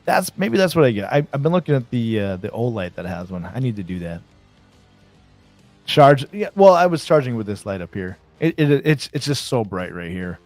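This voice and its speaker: Male stream host, excitable and casual, dry sound, soft music under. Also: mid-range voice, normal speed, dry recording. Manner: excited, chatty, reads chat aloud. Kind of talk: casual live stream chat.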